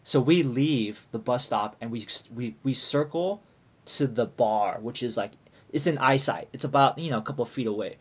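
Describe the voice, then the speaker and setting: A man's voice: mid-range voice, normal speed, husky. A young man casually telling a long story to friends, rambling and swearing, with lots of fillers and restarts.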